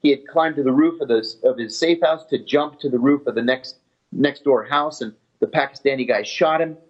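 A man's voice: medium pitch, moderate pace, breathy edge. Matter-of-fact man recounting a story, lo-fi. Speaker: former intelligence officer telling his story. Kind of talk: storytelling interview. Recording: dull lo-fi audio.

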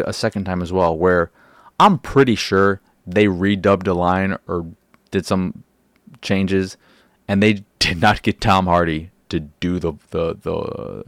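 A man hosts a casual solo podcast in a low voice, talking into a close mic. He rambles, restarts his sentences and swears casually. The sound is dry, with no room in it. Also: gravelly, no room sound. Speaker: podcast host.

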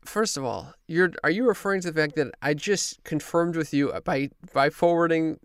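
A man hosting a podcast in casual chat, talking bluntly, swearing freely and quick to get defensive. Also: on the high side, clean tone, no room sound, clean studio sound. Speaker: podcast host. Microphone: podcast studio mic.

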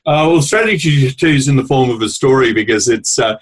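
A man co-hosting a talk show, telling a casual story in an animated way with halting starts. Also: medium pitch, poor audio.

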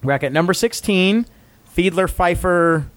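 A man with a slightly high voice hosts a casual podcast. He rambles, apologizes for his own slips, and keeps defending his choices even when no one argues. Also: dry recording. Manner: rambling, self-deprecating, quick to justify himself. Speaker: podcast host.

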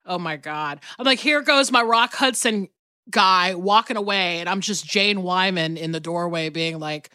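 A woman co-hosting a podcast, chatting casually and telling animated stories full of acted-out quotes and swearing. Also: fairly low pitch, moderate pace, smooth, dry recording, clean studio sound. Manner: animated storytelling, acts out quotes, swears freely. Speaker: podcast co-host. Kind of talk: casual chat.

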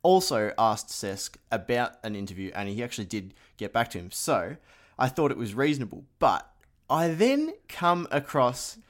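A man's voice: mid-range voice, big pitch swings, moderate pace. A man hosting a podcast, chatting casually and poking fun at himself. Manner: chatty, self-mocking banter. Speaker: podcast host. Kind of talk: casual chat.

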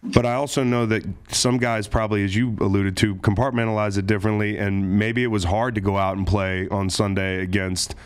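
Lower-voiced male host, earnest and talkative. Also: level tone, a little fast, clear, resonant tone. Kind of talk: interview conversation.

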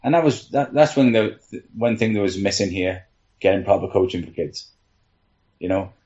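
A man's voice: sits low, steady tone, moderate pace, a little mellow, dull audio. A man, a team trainer, rambling through anecdotes in casual panel chat, with frequent laughs and "you know". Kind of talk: casual storytelling on a podcast panel.

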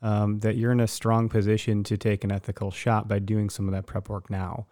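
A man's voice: fairly low pitch, completely flat delivery, fairly quick, dark tone, no echo, studio quality. A man hosting a podcast interview, easygoing and affirming, with frequent fillers. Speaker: podcast host. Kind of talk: casual interview talk.

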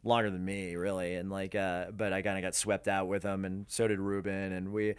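A man's voice: deep voice, level tone, fairly quick, clear, resonant tone. A man from Denver, a radio host and program director, telling his career story in a rambling, casual way full of fillers. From Denver, USA. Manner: rambling, lots of fillers and laughs.

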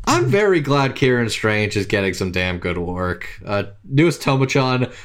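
A man co-hosting a casual podcast chat, animated and swearing freely, his voice jumping high when excited. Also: normal speed. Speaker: podcast co-host.

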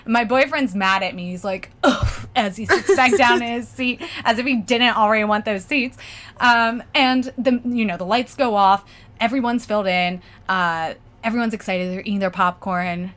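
A woman from Pennsylvania telling a story in casual chat, animated, acting out other people's lines and swearing freely. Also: medium pitch, normal speed. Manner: animated, acts out voices in quotes, swears freely.

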